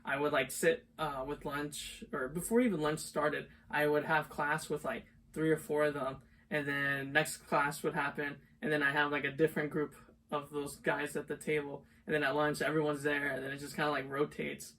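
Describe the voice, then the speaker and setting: A man's voice: fairly high pitch, level tone, moderate pace, fairly bright tone. A young man co-hosting a podcast, telling stories in a rambling, casual way full of filler words. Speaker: podcast co-host. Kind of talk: casual chat. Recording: distant mic, faint background noise.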